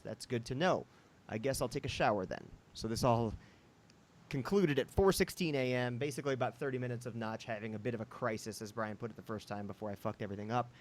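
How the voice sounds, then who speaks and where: A man hosting a casual podcast chat, rambling with many fillers and asides. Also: mid-range voice. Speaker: podcast host.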